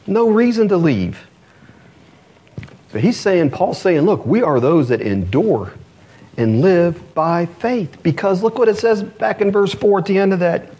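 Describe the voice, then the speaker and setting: Guy preaching a sermon, kinda high voice, lots of questions to the crowd. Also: moderate pace. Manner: animated, rhetorical questions to the congregation. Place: church congregation.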